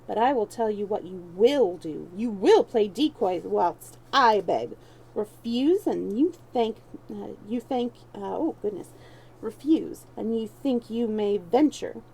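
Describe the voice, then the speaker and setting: A woman's voice: mid-range voice, animated, a little slow, vocal fry, mellow, slightly rough, heavily acted, low-quality recording. A woman voicing a crafty young male street thief who mocks and schemes in archaic speech. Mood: scheming.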